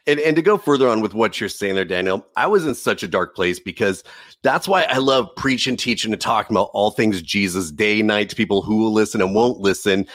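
A man's voice: fairly low pitch, a little fast, fairly bright tone, no room sound, studio quality. A man giving an earnest, emotional faith testimony as a podcast guest, often saying "dude". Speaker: preacher.

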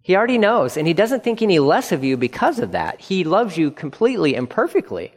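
Middle-aged man, pastor, earnest sermon delivery with repeated phrases, a touch high-pitched, echoing sanctuary. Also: very animated, a little fast. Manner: earnest, repeats phrases for emphasis, acts out quoted dialogue. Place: church sanctuary. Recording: long reverb of a church hall.

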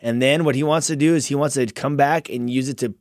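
A man hosting a faith podcast, chatting casually with his guest and reacting with excited slang. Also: medium pitch, fast talker, no room sound, clean studio sound. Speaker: podcast host. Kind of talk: casual interview chat.

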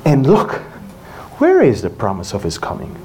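Lively preacher for a sermon: big swoops in pitch, acts out voices, with loud peaks and hushed asides. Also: normal speed. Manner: animated, acts out dialogue with exaggerated voices; swings between loud exclamations and hushed asides. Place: church before an audience.

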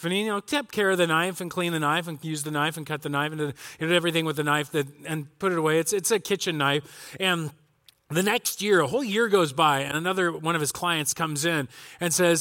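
A man's voice: a little high, fairly quick, sharp tone. A middle-aged man preaching a casual, joking Christmas sermon to his congregation, acting out people's reactions. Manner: chatty, joking, acts out reactions. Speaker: pastor.

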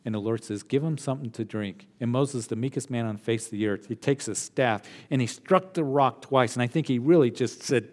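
A man preaching a sermon as pastor, earnest, dropping to hushed tones and then rising to emphatic points. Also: mid-range voice, fairly quick, few pauses, long reverb tail.

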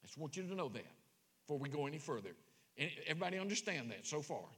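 A man preaching a sermon in a church, animated and throwing rhetorical questions to the congregation. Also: fairly high pitch, quick pace, breathy edge. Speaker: pastor. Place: church sanctuary. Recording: long church hall reverb.

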